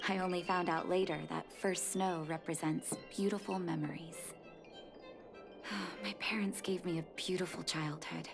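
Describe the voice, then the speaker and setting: A woman voicing an earnest young woman doctor in a game, speaking gently and with feeling, over game music. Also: fairly low pitch, steady tone, unhurried. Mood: reflective. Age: young adult. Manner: gentle, heartfelt, softly emotional. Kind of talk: game dialogue and narration.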